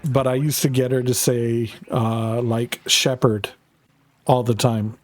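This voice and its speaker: A man's voice: medium pitch, little pitch movement, measured pace, mellow, dry recording. A man chatting casually to viewers while he plays a game on a live stream, talking in a loose, rambling way with plenty of swearing.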